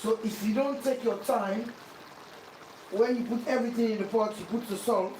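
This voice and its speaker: A woman's voice: a little high, steady tone, moderate pace, a little mellow, echoey room, far from the mic, slight background noise, rough recording. A Sierra Leonean woman chatting casually while cooking at home, self-mocking and pleading with viewers for likes. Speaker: cooking vlogger. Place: home kitchen.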